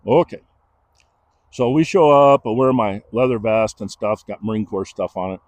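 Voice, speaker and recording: Middle-aged man, animated storyteller, acts out quotes, dry close mic. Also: fairly low pitch, moderate pace, no room sound. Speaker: podcast host telling a personal story. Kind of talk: casual storytelling.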